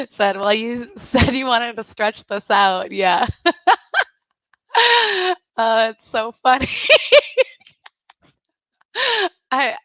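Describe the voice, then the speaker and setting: A woman hosts a casual livestream chat, giggling often as she reads out viewer messages in slow, unhurried speech. Her voice is mid-range and a bit bright. The lo-fi recording is dry and slightly dull, with no echo.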